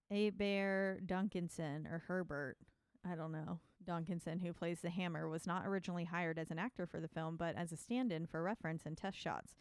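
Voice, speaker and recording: A woman with a fairly low, smooth and clear voice, co-hosting a podcast in casual chat. She laughs often and reads trivia aloud. The sound is close and dry. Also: dry recording. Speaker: podcast co-host.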